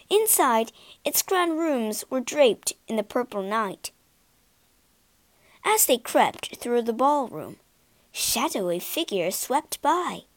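A woman reading a storybook aloud in a slow, clear, expressive narration. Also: on the high side, dry recording. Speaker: storybook reader.

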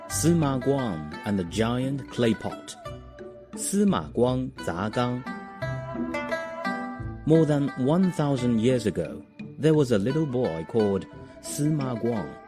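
A male narrator reading a children's story in an expressive, storybook manner. His voice rises and falls with lively inflection. Clear music runs underneath. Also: mid-range voice, takes it slowly, pauses often. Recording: music behind.

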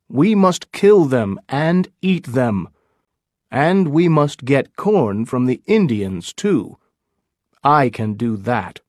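A careful, commanding expedition leader from a storybook, put on by a man narrator. He sounds firm and steady, with a lively pitch. The recording is close and dry. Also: no room sound.

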